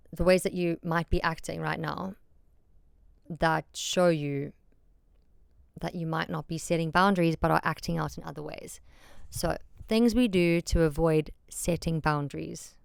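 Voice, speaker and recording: A woman's voice: fairly low pitch, gravelly, clear, resonant tone, dry recording, clean studio sound. A woman hosting a solo podcast, talking candidly and emphatically, often repeating herself and swearing freely. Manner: frank and self-deprecating, swears freely. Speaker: podcast host.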